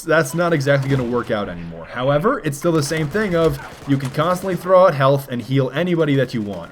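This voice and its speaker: A man's voice: mid-range voice, slight background noise. A young man giving jokey gameplay commentary for a video game, often breaking into silly voices. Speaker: gaming commentator.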